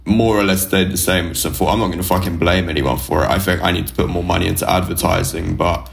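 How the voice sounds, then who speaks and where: Deep-voiced blunt man from the UK. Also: steady tone, fast talker, creaky. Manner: frank, blunt, sweary, with many fillers. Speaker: podcast co-host. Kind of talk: casual chat.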